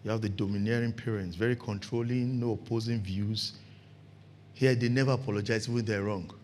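A man's voice: on the low side, brisk, slight background noise. A man with a Nigerian accent preaching a sermon, acting out scenes and laughing along the way. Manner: animated, acts out scenes with laughter. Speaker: pastor. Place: church.

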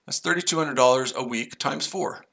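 A man's voice: medium pitch, normal speed, vocal fry, bright, forceful tone. A man hosting a trading livestream, brash and profane, chatting to viewers by name and trash-talking rivals. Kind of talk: casual livestream chat.

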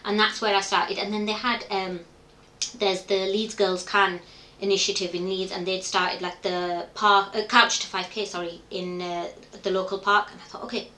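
Bright-voiced woman, echoey room. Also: medium pitch, little pitch movement, moderate pace. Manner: open, reflective storytelling with quoted inner thoughts. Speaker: interview guest. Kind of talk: candid conversational interview.

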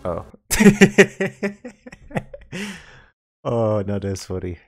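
A man hosting a reaction video, talking casually and excitedly with frequent laughs and slangy asides. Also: lowish voice, moderate pace, soft background music.

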